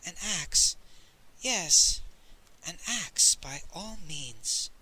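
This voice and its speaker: A man's voice: on the high side, lively intonation, extremely slow, bright, forceful tone, breathy edge, heavily acted, low-quality recording. A man voicing a meek, henpecked husband who talks in an eager, hopeful way in a storybook reading.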